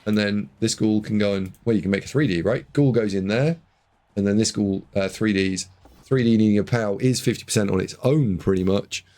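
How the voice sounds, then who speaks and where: A man casting a video game match, excitable, jumping from loud shouts to muttered asides. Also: on the low side, fairly quick. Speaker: game caster.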